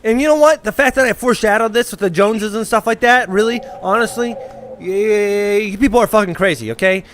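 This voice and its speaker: A man's voice: high-pitched, fairly even intonation, a little fast, fairly bright tone. A man streaming a game, talking casually in a rambling, sarcastic way with lots of swearing and restarts. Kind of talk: casual gameplay commentary.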